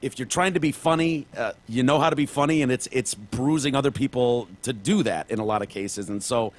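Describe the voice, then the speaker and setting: A man hosts a podcast interview at an ordinary pitch. He asks his questions in a loose, easygoing way. His speech is full of casual fillers. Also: fairly quick. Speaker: podcast host.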